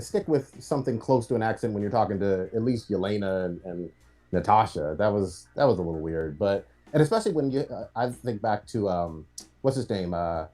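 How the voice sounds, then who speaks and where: A man's voice: on the low side, mellow. A man co-hosting a livestream podcast, giving blunt, profane criticism in casual chat. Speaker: podcast co-host.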